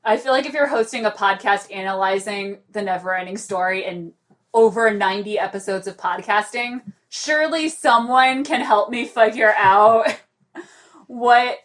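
A woman's voice: mid-range voice, normal speed, fairly bright tone. A woman hosting a podcast, chatting casually and animatedly with frequent laughter. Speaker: podcast host.

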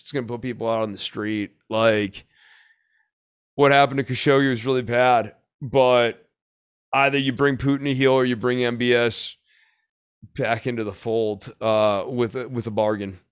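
A man's voice: mid-range voice, a bit bright, clean tone. Blunt, sarcastic male podcast host. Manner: blunt, sarcastic, thinking aloud with many fillers. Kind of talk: solo political commentary.

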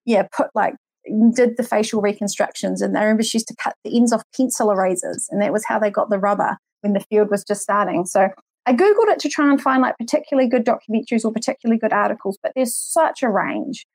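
A woman's voice: medium pitch, animated, fast talker, a little mellow, no room sound. A New Zealand woman in her forties, a podcast guest, talking in a rambling, hedging way with lots of fillers. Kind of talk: casual podcast chat.

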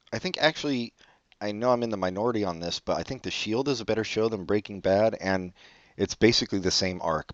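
Laid-back low-voiced man, lively pitch. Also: dry recording. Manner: laid-back, swears casually, asks questions. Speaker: podcast co-host. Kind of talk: casual chat. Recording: dull dry close-mic audio.

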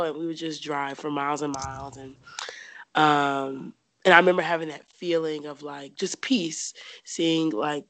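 A woman's voice: low-pitched, fairly even intonation, a little slow, a bit bright, no echo. A young woman from the United States casually telling a personal story as an interview guest, chatty, with many fillers and frequent laughs.

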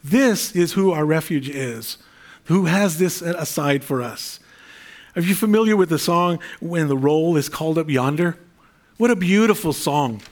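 A man's voice: a little high, lively intonation, unhurried. A middle-aged male pastor preaching a sermon in an earnest, conversational way, with fillers and repeated phrases.

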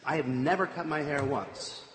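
A man voicing a gullible, boastful strongman hero in a slow, matter-of-fact way. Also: fairly high pitch, a bit bright, natural voice. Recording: echoey hall, faint room noise.

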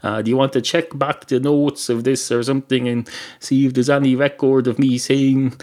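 A slightly hoarse man voicing a pedantic, argumentative male talking chicken in a comic story. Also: fairly low pitch, moderate pace, lightly acted. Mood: indignant. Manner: fussy, quibbling, indignant.

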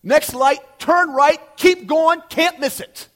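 A man putting on a gruff, barking state trooper. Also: extremely high pitch, takes it slowly, a bit bright, voice pushed up, exaggerated voice. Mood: brusque. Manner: harsh, clipped commands.

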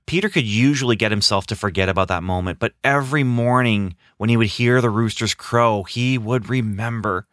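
Bright, expressive male storyteller. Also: lowish voice, no echo, clean studio sound. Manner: expressive, slows down for dramatic moments. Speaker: children's ministry storyteller. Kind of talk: scripted narration of a children's Bible story.

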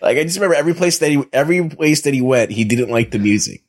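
A man co-hosting a casual movie review podcast, chatting enthusiastically and agreeing quickly. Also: on the high side, animated. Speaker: podcast co-host.

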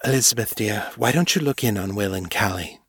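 A man voicing a fierce, protective female vampire who speaks gently but warily in an audiobook. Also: fairly low pitch, fairly quick, slightly rough, dry recording, clean studio sound. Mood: wary. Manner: gentle yet guarded.

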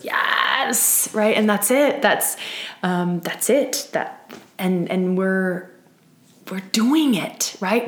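An earnest woman leads a live spiritual circle, speaking at a middle pitch with a lot of emphasis. She often checks in with "right?" and restarts her sentences. Her voice echoes in the room around her. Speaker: circle leader. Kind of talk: live-streamed spiritual talk.

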